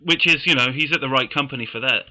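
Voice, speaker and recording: A man co-hosting a casual podcast, speaking haltingly with wry humour. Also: mid-range voice, pushed and bright, low-quality recording. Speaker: podcast co-host. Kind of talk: casual chat.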